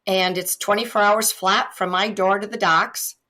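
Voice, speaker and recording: A woman from Iowa, a guest on a podcast, telling humorous anecdotes in a relaxed, chatty way over a remote connection. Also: mid-range voice, moderate pace. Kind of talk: casual storytelling interview. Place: remote call.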